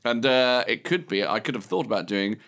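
Rambling, playful man, lowish voice. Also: lively intonation, fairly quick, fairly bright tone. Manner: playful, rambling, laughs at himself. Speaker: podcast co-host. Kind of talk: casual chat.

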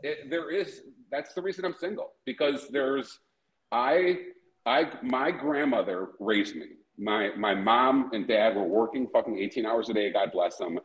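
A man's voice: medium pitch, measured pace, reverberant, low-quality recording. A man hosting a podcast in casual chat, profane and rambling, often breaking into laughter. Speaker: podcast host.

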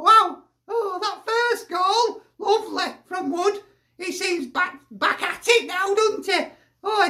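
A man's voice: very high-pitched, sharp tone, exaggerated voice. A man putting on a rowdy, foul-mouthed football fan, cackling and swearing through a comic rant.

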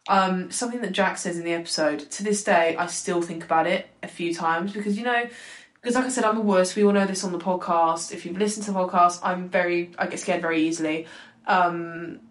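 A young woman co-hosting a podcast in a casual, animated chat, full of "like" and quick asides. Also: lowish voice. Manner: animated, excitable, lots of "like". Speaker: podcast co-host. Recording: echoey room.

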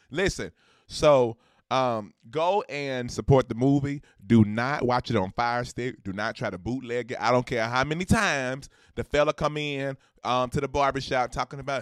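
Male podcast host, excitable, preacher-like pitch, bright and dry. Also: moderate pace, no room sound. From Georgia, US. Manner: exuberant, preacher-like calls to action. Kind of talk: excited announcement to listeners.

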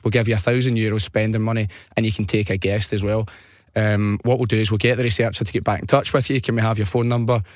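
A man's voice: fairly low pitch, fast, no echo. A man with a Scottish accent, hosting a podcast and telling a prank story in a studio, laughing and doing voices as he goes. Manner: animated, laughs often, acts out voices in stories. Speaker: podcast host. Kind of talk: casual storytelling chat. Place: radio studio. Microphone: studio mic.

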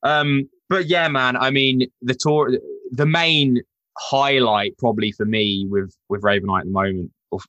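A man's voice: mid-range voice, unhurried, no echo, lo-fi sound. A man, a touring rock drummer, chatting in an interview and acting out quotes with plenty of swearing. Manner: animated storyteller, swears freely, acts out quotes. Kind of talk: casual interview chat.

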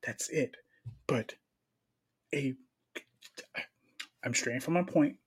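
A man's voice: medium pitch, very slow, slightly rough. A man from Brooklyn, co-hosting a casual podcast chat and acting out the people in his stories. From Brooklyn, New York. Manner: animated storyteller who acts out dialogue. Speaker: podcast co-host.

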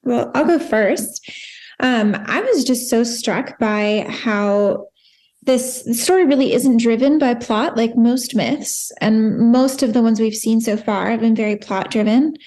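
A woman's voice: fairly high pitch, a little slow, darkish tone. A woman co-hosting a book podcast, speaking earnestly and enthusiastically about a story. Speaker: podcast co-host. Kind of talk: casual book discussion.

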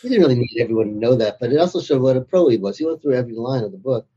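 A man's voice: mid-range voice, expressive, racing, mellow, slightly rough, muffled recording. A man being interviewed as an author, telling anecdotes in an amused, storytelling way. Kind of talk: casual interview chat.

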